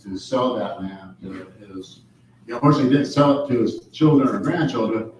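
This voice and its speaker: A man at a family reunion telling what he knows of his ancestors, halting and restarting as he thinks. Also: mid-range voice, darkish tone, muffled recording, a little hiss or hum. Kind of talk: casual storytelling. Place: large room at a family reunion. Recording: echoey hall from far off.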